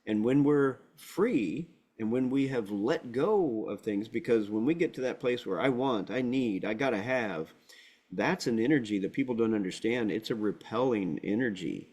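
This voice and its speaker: A man's voice: mid-range voice, moderate pace, a little mellow. A man hosting a spiritual talk show, speaking in an earnest, affirming, teacherly way. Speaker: host.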